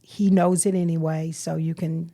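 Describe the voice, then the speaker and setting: A woman speaking softly and reflectively about faith in a podcast chat, sometimes close to a whisper. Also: low voice, little pitch movement, moderate pace. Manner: soft, reflective, drops into near whispers. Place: podcast recording.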